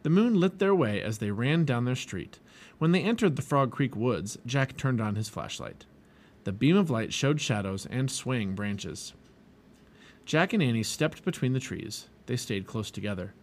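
Expressive man reading a storybook. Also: medium pitch, a little slow. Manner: expressive, lively read-aloud. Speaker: storybook reader. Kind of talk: reading a children's book aloud.

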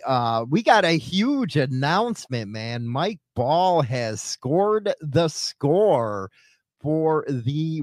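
A man from Chicago hosting a casual radio show, loud, crude and rambling, swinging between shouting and mumbling. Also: medium pitch, dry recording, studio quality.

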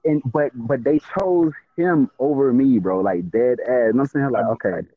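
A man talking in an animated, storytelling way, tripping over his words and repeating himself when he gets fired up. His voice comes through thin and tinny, like a phone line, and has a slightly husky edge. He sounds like a podcast co-host in the middle of a relaxed conversation. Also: mid-range voice, normal speed, dry recording. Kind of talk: casual podcast chat.

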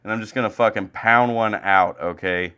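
Sounding like an exasperated buddy on a home streaming mic, this young sports podcast co-host rants and curses, lurching between loud tirades and low, deflated grumbles. His voice has a bright, sharp edge yet stays smooth and steady, at a moderate pace.

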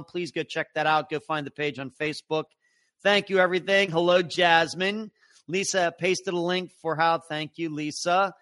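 Bright-voiced man hosting a live chat. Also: a little high, dry recording. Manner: chatty, greets viewers by name one after another. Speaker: host of a live true crime show. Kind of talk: casual livestream chat.

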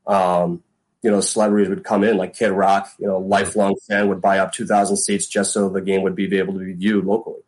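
A man's voice: deep voice, little pitch movement, fast, darkish tone, slightly rough, poor audio. A middle-aged man, a former pro football punter, telling stories in a casual interview, rambling with lots of fillers and acting out quotes.

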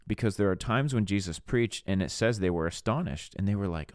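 This podcast host delivers casual sermon-style teaching in a low, clear, resonant, slightly mellow voice, moving briskly with few pauses. Earnest and conversational, he reads scripture, discusses it, and sometimes voices skeptics; the studio-quality sound has no echo.

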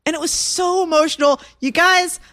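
A young woman co-hosting a podcast, gushing excitedly as she tells stories in casual chat. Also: very high voice, normal speed, no echo, clean studio sound. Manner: gushing, excitable fan storytelling. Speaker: podcast co-host.

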